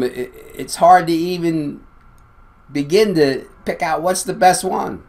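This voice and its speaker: A man's voice: on the high side, darkish tone. Insistent man talking to viewers. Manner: insistent, emphatic, often addressing viewers as "people". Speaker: video host. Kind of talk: casual monologue to camera.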